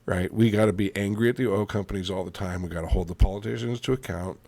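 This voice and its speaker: A man's voice: fairly low pitch, fairly even intonation, quick pace, vocal fry, a little mellow, no echo. A Canadian man co-hosting a podcast in a casual, blunt and opinionated chat, swearing freely. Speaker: podcast co-host.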